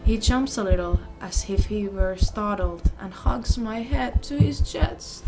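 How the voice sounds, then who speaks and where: A woman hosting a gaming channel, reading a visual novel's story text aloud with expressive, emotional delivery. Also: mid-range voice, unhurried. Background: game music.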